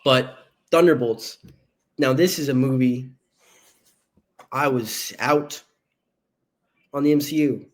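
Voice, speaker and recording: A man co-hosting a casual movie podcast, bantering playfully with boastful jokes and quick asides. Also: medium pitch. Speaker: podcast co-host.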